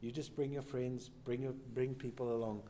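A man, a pastor, telling a church testimony as a lively storyteller who acts out the quoted lines. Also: medium pitch, moderate pace, a little hiss or hum. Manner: animated storyteller, voices quotes.

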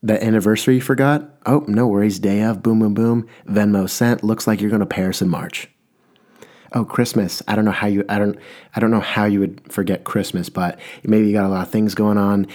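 A man's voice: lowish voice, fairly even intonation, fairly quick, darkish tone. A young man delivering a rambling, mock-earnest comedic rant, often stopping to correct himself.

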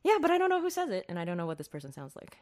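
A woman's voice: fairly low pitch, wildly swooping pitch, racing, a little mellow. A woman co-hosting a podcast in casual chat, giggling often, on a studio mic with a pop screen. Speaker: podcast co-host.

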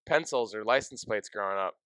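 A man's voice: on the low side, fairly quick, a bit bright, no room sound, clean studio sound. A young man co-hosting a casual sports podcast, joking and self-mocking, swearing freely, with sniffles and a sore throat. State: getting sick, sore throat. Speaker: podcast co-host.

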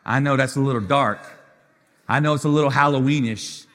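A man's voice: mid-range voice, brisk, a bit bright. A man preaching as lead pastor in a live sermon, with impassioned, repetitive phrases that swell into sung lines. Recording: long hall reverb.

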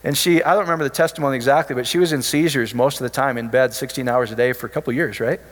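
A man's voice: medium pitch, rapid-fire, big-room sound. A man preaching informally, telling healing stories in a chatty, joking storytelling way. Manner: chatty storytelling, jokey asides. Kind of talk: informal sermon with testimonies.

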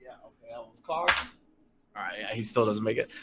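A man running a tabletop game as game master, narrating with animated energy. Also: fairly low pitch, fairly quick.

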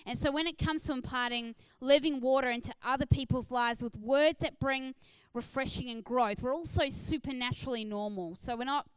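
A woman delivers a sermon in a high, bright-toned voice, earnest and encouraging. She drops in "uh" fillers often as she builds her points. The sound is close and dry, with no room echo. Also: a little fast, clean tone. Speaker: preacher.

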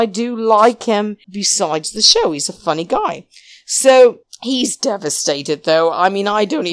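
A woman's voice: lowish voice, no echo. A woman hosting a podcast, recapping a reality show in a chatty, laughing, opinionated way. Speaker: podcast host.

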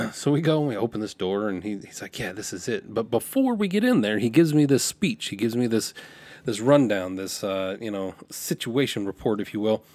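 A man's voice: lowish voice, normal speed, no room sound. Man rambling through a story, dry sound. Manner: rambling, self-correcting, animated when quoting. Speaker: podcast host telling a story. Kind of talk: casual storytelling.

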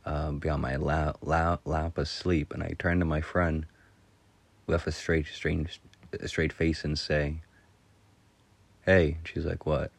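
Middle-aged man, slow and very low-pitched, dry close sound, laughing through rambling crude anecdotes. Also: flat delivery, gravelly, breathy edge, no room sound. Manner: laughs through his stories, rambling with restarts and crude humor. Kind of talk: casual storytelling monologue.

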